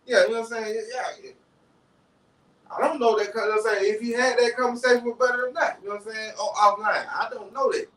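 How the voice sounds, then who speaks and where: High pitched dude on a podcast, rambling animated chat, sounds far off the mic. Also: male voice, quick pace. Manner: animated, repeats "you know what I'm saying" often. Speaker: podcast co-host. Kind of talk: casual chat. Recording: roomy echo, distant from mic.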